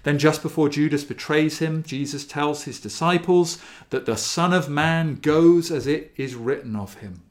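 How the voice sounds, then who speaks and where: A man preaching a sermon, reading scripture passages in a measured, earnest way. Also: on the high side. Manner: slow, measured and earnest, lingering on key phrases.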